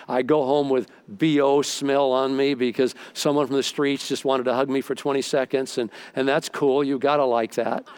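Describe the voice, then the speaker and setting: A man's voice: medium pitch, clean tone. Man preaching a storytelling sermon. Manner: storytelling preacher, shifts loud and soft for emphasis. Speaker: pastor.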